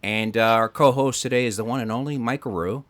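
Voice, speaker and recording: A man's voice: mid-range voice, a little fast, a bit bright. A man hosting a comedy podcast in casual chat, telling crude joking stories. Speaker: podcast host.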